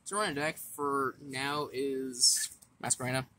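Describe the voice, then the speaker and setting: Casual man, mid-pitch, talking through a card deck, stumbles and restarts as he reads. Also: steady tone, unhurried, bright, forceful tone. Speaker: card game deck explainer.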